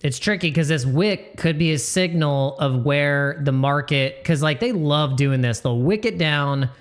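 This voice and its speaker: A man's voice: a little high, a little slow, clear, resonant tone. A man hosting a casual crypto live stream, talking in a rambling, slangy way that repeats words and jokes with the chat.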